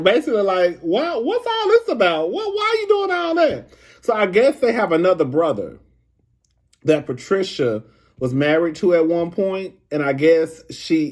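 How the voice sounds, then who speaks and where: Chatty gossipy man recapping reality TV. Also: a little high. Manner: animated, gossipy, laughs a lot. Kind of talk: casual reality show recap.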